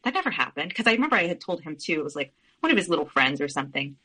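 Woman, podcast guest, bright clear voice, earnest and candid, halting restarts. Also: sits low, lively intonation, low-quality recording. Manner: candid and earnest, with frequent restarts and trailing fillers. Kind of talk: personal storytelling in conversation.

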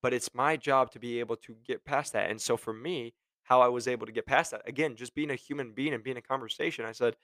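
A young man talks straight to camera about breaking into sales, his voice close and dry with no room echo. He speaks at an even, middle pitch. He is casual and passionate, and he acts out the voices of people on his phone calls. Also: fast. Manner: admits he gets passionate and curses. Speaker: medical device sales rep sharing advice. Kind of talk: casual advice monologue.

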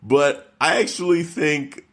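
A man co-hosting a casual wrestling podcast, talking with animated outrage and frequent stammered restarts. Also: fairly high pitch, slow pace. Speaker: podcast co-host.

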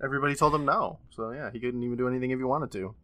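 A man's voice: mid-range voice, very fast, bright, forceful tone, no echo. A man co-hosting a podcast, chatting enthusiastically with frequent laughs and swearing. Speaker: podcast co-host. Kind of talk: casual chat.

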